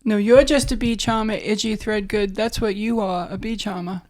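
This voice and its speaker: A woman's voice: medium pitch, steady tone, normal speed, darkish tone, lightly acted. Woman putting on a drawling Southern film lady. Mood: teasing. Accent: American Southern, put on.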